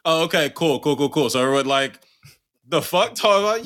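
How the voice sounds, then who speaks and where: A man's voice: on the high side, animated, a little fast, fairly bright tone. A man co-hosting a podcast, joking around in casual, slangy talk. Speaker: podcast co-host. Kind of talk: casual chat.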